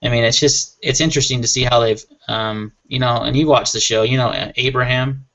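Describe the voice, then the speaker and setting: A man of middle pitch chats loosely as a panel member, piling up thoughts with eager enthusiasm and frequent laughs. His voice comes through slightly muffled, lo-fi audio. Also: steady tone, a little fast, a bit bright. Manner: rambling, enthusiastic, laughs often. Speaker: panel member on a gear chat show. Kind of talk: casual chat.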